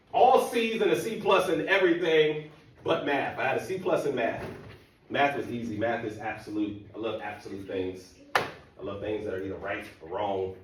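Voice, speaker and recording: A man with a fairly low voice tells a humorous, self-deprecating story to an audience and speaks directly to the crowd. It sounds recorded from a distance in an echoey hall, with slight background noise.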